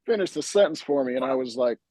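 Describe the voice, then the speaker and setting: A man's voice: mid-range voice, animated, fast talker, warm tone, no echo, poor audio. A male drummer recalling old lessons in casual chat, rambling with lots of fillers and restarts. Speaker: drummer and host.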